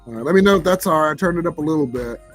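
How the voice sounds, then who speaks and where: A man with a fairly high, expressive voice races along with a breathy edge, speaking in a Southern drawl. Hosting a casual livestream chat, he greets viewers in a laid-back way, chuckling, while faint music plays behind him.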